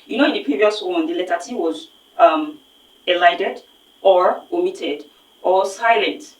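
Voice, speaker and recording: A phonics teacher with a Nigerian English accent and a fairly low voice gives an unhurried online lesson, explaining emphatically and repeating words to model them. She's recorded from a distance in an echoey room, set back from the mic.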